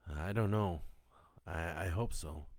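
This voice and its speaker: A man's voice: deep voice, slow pace, no room sound, full character voice. A man voicing a frightened father who urgently protects his daughters while fleeing zombies, in a horror audiobook. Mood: hushed, soothing.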